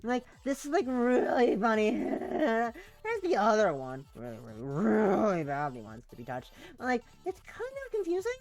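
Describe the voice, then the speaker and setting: A woman's voice: fairly high pitch, wildly swooping pitch, moderate pace, darkish tone. A woman reading a game's text as a giddy, clingy, obsessive girl, rambling with lots of "like". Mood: giddy dreamy. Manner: breathless valley-girl rambling, full of "like".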